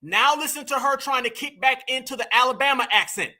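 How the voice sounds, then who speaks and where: A man with a very high voice and a sharp, bright edge, running a reaction commentary. He talks to his audience in an emphatic, preachy way and keeps hammering his points home. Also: brisk. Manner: emphatic, preachy, addresses the audience as "fam" and "y'all". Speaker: online political commentator.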